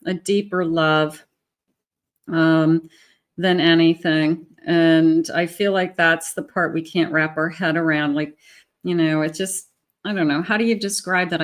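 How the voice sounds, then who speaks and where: Chatty woman reading tarot cards. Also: fairly low pitch. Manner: chatty, rambling with restarts and little laughs. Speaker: tarot reader.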